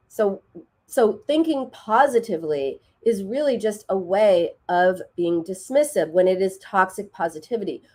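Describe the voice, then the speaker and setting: Woman radio host giving advice. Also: fairly low pitch. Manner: warm, explanatory, acts out quoted dialogue. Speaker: radio show host and therapist.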